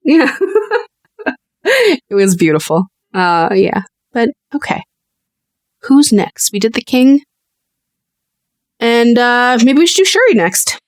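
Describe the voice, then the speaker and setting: Animated, swearing woman co-host. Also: fairly high pitch, slow, long pauses, no room sound, clean studio sound. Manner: animated, swears freely, acts out quotes. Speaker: podcast co-host. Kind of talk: casual chat.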